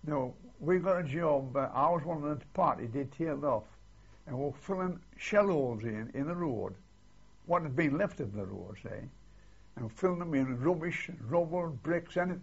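A man's voice: a little high, creaky, husky, highs cut off. An older man, recalling his war service in a rambling way and often ending lines with "see", on an old archival recording. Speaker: war veteran interviewee. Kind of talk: oral history recollection.

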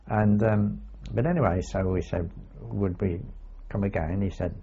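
An older man recalling his wartime days in a rambling oral history, full of asides and halting restarts. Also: lowish voice, fairly even intonation, vocal fry, mellow, a little hiss or hum. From England. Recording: dull lo-fi recording.

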